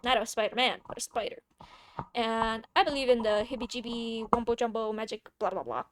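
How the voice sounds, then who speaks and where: Young woman, fairly high voice, casual storytime, swears freely, playful asides, dry close sound. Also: brisk, dry recording. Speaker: vlogger.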